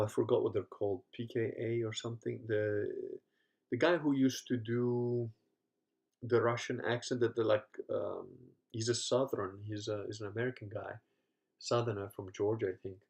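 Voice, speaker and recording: Man, low voice, casual rambling chat, swears, laughs a lot, tired. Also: steady tone, moderate pace, vocal fry, darkish tone. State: tired, leg cramps. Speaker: podcast host.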